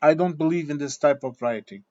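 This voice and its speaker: A man's voice: fairly high pitch, brisk, warm tone. Blunt, swearing man on a dull recording. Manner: blunt, swearing, repeats himself. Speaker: vlogger. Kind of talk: opinion monologue.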